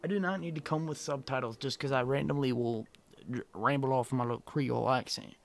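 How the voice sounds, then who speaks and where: A man streaming a video game who chats casually and jokes with his chat in an animated, rambling way. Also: mid-range voice, fairly quick, vocal fry.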